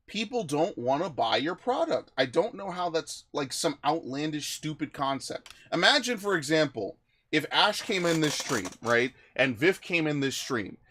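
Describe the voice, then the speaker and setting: A man's voice: a little high, a bit bright. A man streaming a game, ranting with exasperation and lots of swearing. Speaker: gaming streamer.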